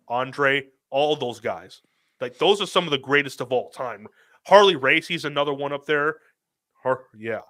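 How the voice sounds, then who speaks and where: A man with a bright, sharp voice co-hosts a casual podcast. He mostly answers in short agreements, then states his opinions firmly. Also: medium pitch, clean tone. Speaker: podcast co-host. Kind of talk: casual chat.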